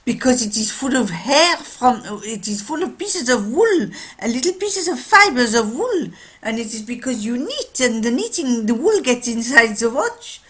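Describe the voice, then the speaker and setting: A woman's voice: fairly high pitch, very animated, normal speed, hardly any pauses, pitched above the performer's own voice. A woman doing a proud old watchmaker man. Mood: knowing. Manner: confident, matter-of-fact pronouncements. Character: proud elderly male watchmaker, sharp and sure.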